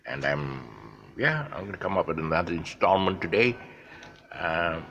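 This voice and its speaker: A man's voice: low-pitched, expressive, moderate pace, pushed and bright, muffled recording, slight background noise. An older man from Malaysia tells stories in a casual, hesitant way, full of fillers. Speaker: vlogger. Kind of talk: casual storytelling monologue.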